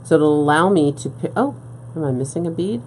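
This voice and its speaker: Lady with a really deep mellow voice walking through beadwork step by step, keeps asking okay?, faint hiss behind. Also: animated, a little fast. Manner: patient, step-by-step explaining, often checking in with "okay?". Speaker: beading instructor. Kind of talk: live-stream craft demonstration. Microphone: live-stream setup at a work table.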